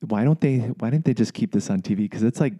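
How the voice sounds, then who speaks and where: A man's voice: lowish voice, quick pace, warm tone. A man chatting casually, rambling with many restarts and "like"s. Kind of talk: casual chat.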